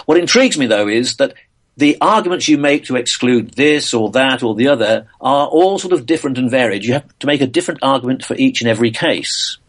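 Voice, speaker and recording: An older man from England talks through his answers as a guest on an interview show. His pitch sits in the middle of the range for a man, and he speaks in a thoughtful, halting way, with frequent uhs and small restarts. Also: animated. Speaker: physicist and author guest.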